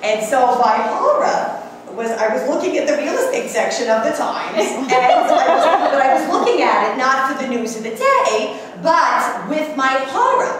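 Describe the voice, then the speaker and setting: A woman's voice: high voice, background noise. A woman performing a giddy, gushing older retired accountant in a live one-woman stage comedy, laughing often and dropping into conspiratorial asides. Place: theater stage. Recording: echoey theater from a distant mic.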